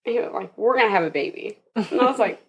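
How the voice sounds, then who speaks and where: A woman's voice: mid-range voice, lively intonation, fast talker, husky, muffled recording. A young woman, a podcast guest, tells a personal story in casual interview talk, laughing often and acting out the voices of people she quotes.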